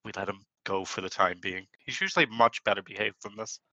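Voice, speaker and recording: Low bright-voiced man playing a tabletop game. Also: fast talker, no room sound. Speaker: tabletop player. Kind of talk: in-character play.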